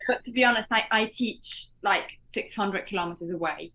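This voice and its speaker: A woman musician, a guest in an interview, speaking thoughtfully and haltingly. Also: medium pitch, bright, forceful tone. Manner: hesitant, thoughtful, often restarts. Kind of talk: casual interview.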